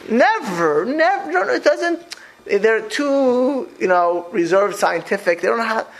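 Guy teaching a small group, lots of restarts and hebrew words, fairly high voice that jumps all over. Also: unhurried. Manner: animated and rambling, with many restarts; peppers speech with Hebrew and Yiddish religious terms. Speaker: religious teacher. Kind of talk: informal talk to a small group.

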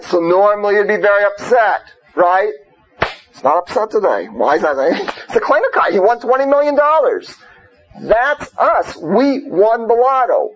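A man teaching an informal Torah class, talking conversationally, peppering his points with rhetorical questions and Hebrew and Yiddish terms. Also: sits high. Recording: muffled lo-fi recording.

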